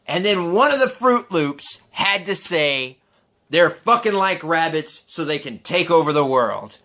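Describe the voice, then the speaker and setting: A vlogger rants sarcastically to camera, profane and exasperated, commenting on street interviews. His voice sits on the high side, bright, with a forceful tone.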